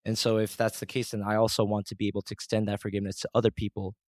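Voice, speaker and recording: A man's voice: fairly low pitch, little pitch movement, very fast, a little mellow, no room sound, clean studio sound. A man hosting a podcast, telling a reflective story in an earnest, preachy way. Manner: earnest and preachy, mimics his angry self in a raised voice. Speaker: podcast host. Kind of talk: reflective monologue.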